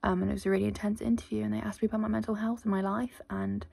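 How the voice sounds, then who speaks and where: A woman's voice: medium pitch, little pitch movement, very fast, vocal fry, warm tone, slightly rough. A woman vlogger talking casually to camera in a rambling, chatty, self-deprecating diary style.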